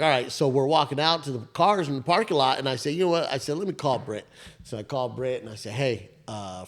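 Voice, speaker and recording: A podcast co-host, a man in his thirties with a medium-pitched voice, tells a story in a casual chat. He rambles and gets animated, restarting often, cursing frequently and leaning on "I was like" asides.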